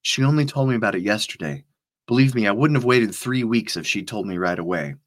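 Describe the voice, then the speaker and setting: A man's voice: fairly low pitch, expressive. A man reading a blunt, breathless female operative. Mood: explaining. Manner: brisk, matter-of-fact. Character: tough young female field operative, blunt.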